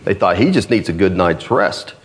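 A man's voice: sing-song, normal speed. A man preaching a sermon, reading an old allegory aloud with dramatic rises on the characters' cries. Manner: reads old-fashioned text dramatically, rising pitch on cries.

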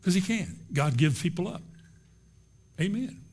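A middle-aged preacher delivers his sermon with a voice pitched a little high for a man. He hammers each point home by repeating it, in plain, folksy words. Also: lively intonation, a little slow, darkish tone. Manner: emphatic, repetitive, folksy preaching.

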